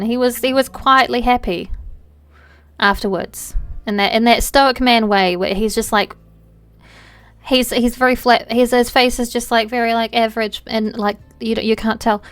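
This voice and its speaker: Chatty, animated woman streamer. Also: on the high side, no room sound. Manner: animated and chatty, with playful swearing and quick asides. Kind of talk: casual chat while playing a game.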